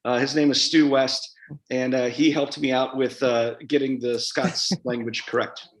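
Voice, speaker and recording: A man's voice: medium pitch, level tone, a little slow. A man, an author guest at a live event interview, talking in a chatty, rambling way with many fillers and restarts. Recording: roomy hall sound.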